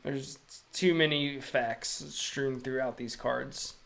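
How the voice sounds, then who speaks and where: Wry, gravelly-voiced streaming illustrator. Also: medium pitch, steady tone, slow, a bit bright. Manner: wry, self-amused, joking often with laughs. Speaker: illustrator live-streaming work. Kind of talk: casual live-stream chat while drawing.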